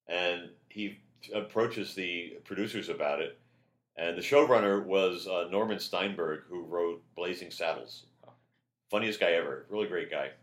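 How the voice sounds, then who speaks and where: A man, a comedian guest, telling stories in casual chat with a loud, projecting, animated delivery. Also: low voice, a little slow.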